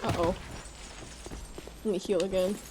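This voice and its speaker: Playing a game on stream, a young Midwestern American woman reads her chat's messages out loud with excited reactions. She speaks a little slowly at a medium pitch, and the recording is very noisy.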